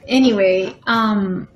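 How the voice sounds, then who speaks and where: Painting during a live stream from her home studio, this woman speaks at a medium pitch, taking her time, filling pauses and thinking out loud, then sinking to a murmur as she concentrates. There's slight background noise, an echo in the room, and quiet music playing.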